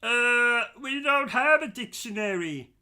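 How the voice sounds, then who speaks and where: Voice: medium pitch, lively intonation, takes it slowly, sharp tone, exaggerated voice. Someone voicing Bertram, a meek manservant. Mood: timid. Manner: hesitant and naive. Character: meek, dim male manservant.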